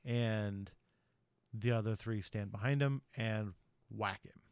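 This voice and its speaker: A man's voice: lowish voice, slow pace, darkish tone, clean tone, no echo. A man hosting a podcast, recapping a film plot in a chatty, rambling way, with lots of ums and you-knows. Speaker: podcast host. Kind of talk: casual movie recap.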